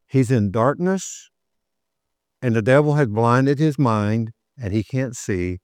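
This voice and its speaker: An older man preaching a sermon, telling a story and rising to emphatic points, then slowing down to read scripture. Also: mid-range voice, lively intonation, a little mellow, smooth, no room sound, clean studio sound.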